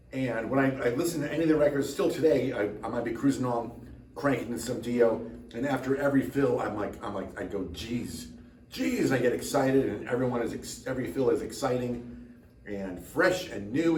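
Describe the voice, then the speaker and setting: A tired man rambles to camera in a relaxed chat, poking fun at himself with dry jokes. His voice sits in the middle range. The mic is set back from him, and the room adds a noticeable echo over a faint background hum. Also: medium pitch, far from the mic. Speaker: drummer and channel host.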